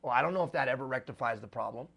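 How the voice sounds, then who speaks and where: A man's voice: medium pitch, rapid-fire, gravelly, a bit bright. A man giving a live motivational talk to executive leaders. He speaks emphatically and repeats refrains for rhetorical effect.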